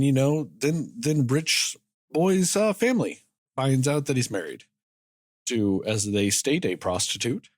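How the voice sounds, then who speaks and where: Animated man rambling in a film chat. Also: mid-range voice, no echo, clean studio sound. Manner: animated, rambling, swears freely; often acts out characters' lines in quick asides. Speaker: podcast co-host. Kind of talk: casual film review chat.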